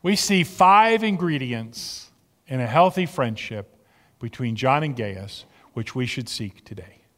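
Earnest preacher in a reverberant hall. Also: male voice, mid-range voice, animated, measured pace, a bit bright. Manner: earnest, conversational preaching with repeated words. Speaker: pastor. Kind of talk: sermon. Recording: long reverb of a large hall.

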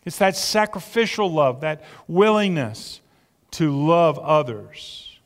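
A man's voice: fairly high pitch, expressive, slow. A man preaching a sermon as pastor, earnest and conversational, often repeating words as he goes. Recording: long reverb of a large hall.

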